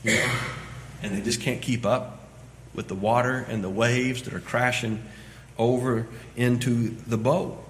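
A man preaching a sermon as pastor, swinging between loud emphatic lines and quiet low asides. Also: a little hiss or hum. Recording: echoey hall with long reverb.

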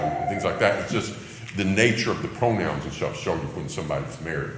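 A man's voice: deep voice, expressive, normal speed, a little hiss or hum. A man teaching through a scripture passage in sermon style, with conversational asides and light laughter. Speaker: Bible teacher. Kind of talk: expository sermon reading and explaining scripture. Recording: echoey hall with faint ambience.

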